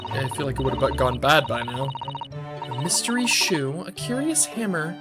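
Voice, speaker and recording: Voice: medium pitch, big pitch swings, moderate pace, lightly acted. A streamer reading a curious young male lawyer from a game in a near-natural, thoughtful voice. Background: game music.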